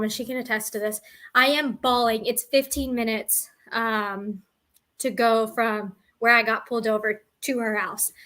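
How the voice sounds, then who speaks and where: A woman's voice: on the high side, pushed and bright. A young woman telling a personal story to her vlog audience, rambling and self-deprecating. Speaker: vlogger. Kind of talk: casual storytelling to camera.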